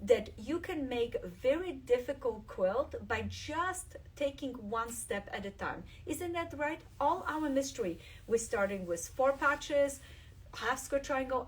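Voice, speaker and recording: Enthusiastic quilting host, a bit off-mic. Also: female voice, sits high, expressive, unhurried, husky, far from the mic. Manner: enthusiastic, shows fabrics while talking. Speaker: quilt designer hosting a live stream. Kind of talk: live craft demonstration.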